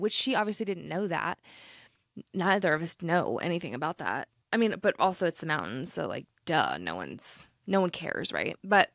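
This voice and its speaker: A woman's voice: on the low side, expressive, a bit bright, no echo, clean studio sound. Chatty young woman podcaster, rambling. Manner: rambling, self-interrupting storyteller with quick laughs. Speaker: podcast co-host. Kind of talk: casual chat.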